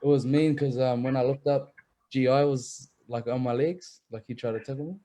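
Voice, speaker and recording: A man's voice: mid-range voice, steady tone, moderate pace, mellow. A young man, a rugby league player telling stories in a casual chat, laid-back and swearing freely.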